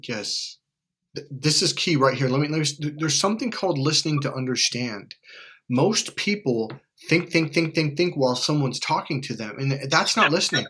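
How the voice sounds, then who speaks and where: A man talking as a dating coach in casual conversation, blunt and animated, swearing freely. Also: a little high, moderate pace, breathy edge.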